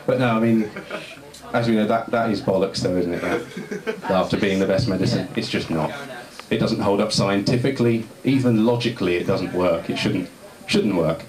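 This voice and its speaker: In a roomy live venue where the audience laughs along, a man with a fairly low, darkish voice delivers a stand-up set at normal speed. His act is rambling and self-deprecating, with plenty of crowd chat.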